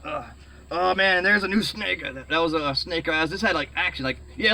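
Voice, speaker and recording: A middle-aged man rambling excitedly in a casual vlog, full of fillers and restarts, saying he is sweating. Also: high voice, normal speed. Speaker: vlogger.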